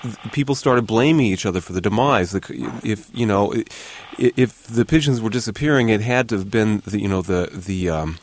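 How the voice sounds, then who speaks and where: A man hosting a radio interview, asking questions in a halting way with many restarts. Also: fairly low pitch, slight background noise. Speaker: interviewer host.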